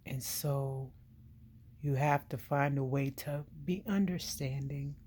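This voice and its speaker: A woman's voice: extremely low pitch, takes it slowly, warm tone, slight background noise. A woman and veteran speaking straight to the viewer, giving direct, emphatic advice in an earnest monologue. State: getting emotional.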